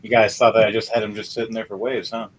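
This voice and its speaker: A man narrating as game master, shifting between loud, excited bursts and quick, low asides. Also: soft background music, poor audio.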